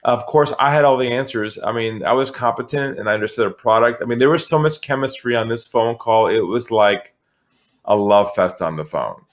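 A middle-aged man from California, a guest on an interview podcast, telling a sales story in a lively, animated way. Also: medium pitch, brisk. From San Diego, California. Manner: animated storyteller who acts out quoted voices. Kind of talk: conversational storytelling.

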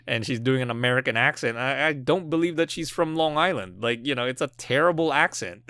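A man co-hosting a film podcast, talking casually and rambling through his thoughts with plenty of "like" and "you know." His voice is bright and forceful, at a middle pitch. The sound is dry and close, with no room around it. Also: animated, brisk, no room sound. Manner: rambling, many fillers and restarts, laughs often. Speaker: podcast co-host.

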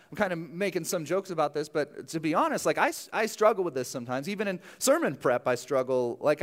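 A young adult male pastor preaching a sermon in a conversational, self-deprecating way, full of asides. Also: a little high.

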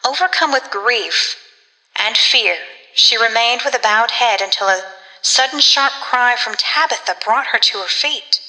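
Bright-voiced woman reading a gothic tale. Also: fairly high pitch, animated, unhurried, long reverb tail, poor audio. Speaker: audiobook narrator. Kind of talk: scripted narration of a gothic story.

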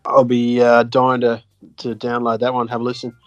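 A man of middle pitch, relaxed and easygoing as he chats with his co-host. He mostly drops short agreeing replies and light jokes. Dry close sound with faint music. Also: moderate pace, no room sound, muffled recording. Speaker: podcast co-host. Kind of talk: casual chat.

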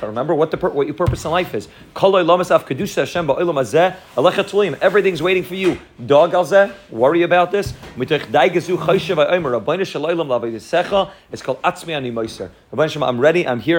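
Rapid-fire man giving a Torah class. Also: mid-range voice. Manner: rapid, repetitive, mixes Hebrew and Yiddish terms into English. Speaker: rabbi teaching a class. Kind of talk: fast Torah lecture.

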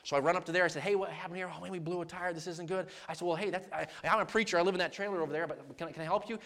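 A man preaching as a traveling evangelist, telling a personal story and acting out the dialogue with lively energy. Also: sits high, very fast, creaky. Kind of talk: storytelling sermon.

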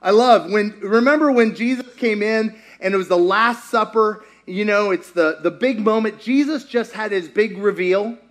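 A male pastor preaching a sermon in a lively, joking way, acting out scenes as he goes. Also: high-pitched, normal speed, few pauses. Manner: animated, joking, acts out scenes.

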